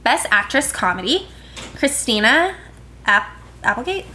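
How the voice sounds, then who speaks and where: Young woman, bright clear voice, a touch high, breezy co-host, faint hiss behind. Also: very animated. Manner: breezy, reads names aloud with quick asides. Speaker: podcast co-host. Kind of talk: casual chat, reading a list.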